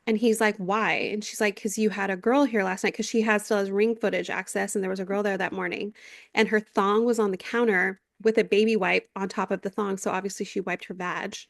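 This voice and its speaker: A woman in her thirties co-hosts a casual podcast, telling a long story with lively energy and free swearing. She slips into the voices of the people she quotes. Her sound is dry and close to the mic, with no room around it. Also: mid-range voice, a little fast, no room sound. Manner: animated storyteller, swears freely, acts out quotes. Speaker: podcast co-host. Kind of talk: casual chat recapping a reality show.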